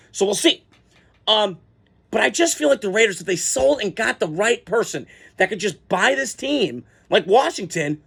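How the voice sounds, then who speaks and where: A man with a fairly high voice vents about his football team in a loose, rambling way, full of ums and restarts. He gets excitable and swears freely as he talks it through. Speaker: sports vlogger. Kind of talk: casual fan reaction rant.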